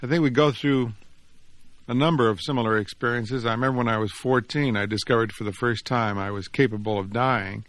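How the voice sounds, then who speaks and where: A man, the author, reading his own story aloud in an expressive, measured storytelling voice. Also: medium pitch. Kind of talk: dramatic reading of fiction and reflective commentary.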